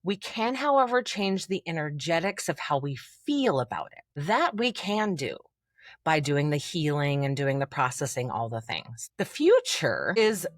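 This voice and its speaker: A woman with a lowish voice talks as a guest coach on a podcast. Her pitch swings widely as she acts out inner voices and what her clients say. The sound is dry and close. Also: sing-song, measured pace, dry recording. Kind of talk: podcast interview.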